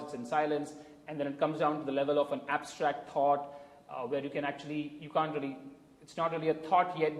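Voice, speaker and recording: A man with an Indian English accent, a communication coach explaining ideas emphatically with spoken examples. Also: fairly high pitch. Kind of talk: interview answers, explanatory. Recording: echoey room with long reverb.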